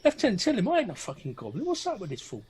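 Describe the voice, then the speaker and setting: A big, quarrelsome fighter, played by a man, blunt and swearing freely. His voice sits unusually high for a man. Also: huge pitch swings, racing, a crowd in the background. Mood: brash. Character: big, brash, touchy man-at-arms.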